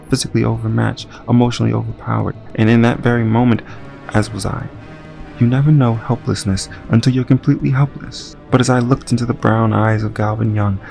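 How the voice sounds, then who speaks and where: A man's voice: fairly low pitch, vocal fry, a little mellow. A man reading a first-person audiobook narration with dry, wry asides.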